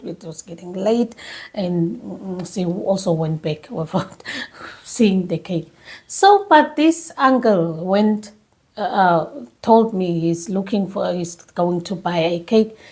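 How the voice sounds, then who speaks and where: A woman vlogger telling a personal story in an emotional, animated way, full of restarts and repeats, speaking English as a second language. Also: fairly low pitch.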